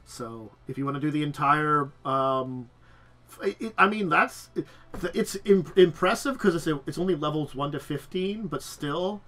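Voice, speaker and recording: Male host, casual chat, congested nose, brightish, halting delivery with fillers. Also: a little high, expressive. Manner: halting, many restarts and ums. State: stuffed up nose. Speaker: podcast host. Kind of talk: casual chat about tabletop games.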